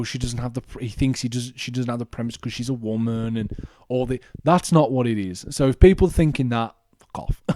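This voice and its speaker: Young male podcaster, casual sweary ranter, mellow tone. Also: mid-range voice, no room sound, studio quality. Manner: animated, swearing, ranting with restarts. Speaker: podcast host. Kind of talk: casual solo movie review rant.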